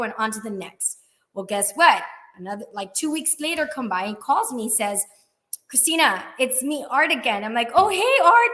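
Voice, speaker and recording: A woman guest, an insurance agent, tells her story in an interview in an animated way, acting out the dialogue and laughing often. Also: a little high.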